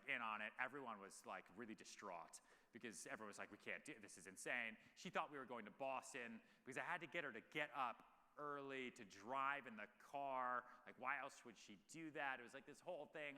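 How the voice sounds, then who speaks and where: A man's voice: medium pitch, quick pace, bright, forceful tone. A man in his thirties telling stories animatedly with many fillers in a live on-stage Q&A at a large event hall. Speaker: guest speaker.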